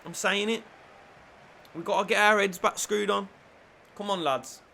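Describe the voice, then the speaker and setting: A man commentating on his own football video game play, shifting between low muttering and shouted excitement. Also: unhurried, vocal fry, a little hiss or hum. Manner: lively, swings from low mutters to shouted celebrations. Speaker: gaming YouTuber.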